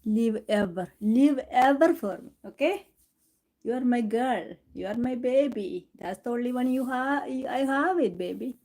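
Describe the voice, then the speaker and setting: A woman's voice: on the high side, lively intonation, unhurried, warm tone. A woman chatting casually on a live stream, doting on her cat and laughing often. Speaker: cooking channel host.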